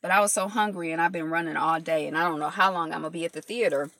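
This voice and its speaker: A woman with a low voice talks quickly and with fairly even intonation while eating on a live stream. Her rambling, filler-heavy chat answers viewer comments as they come in during this casual mukbang. The tone is fairly bright, and the phone-camera recording is dry.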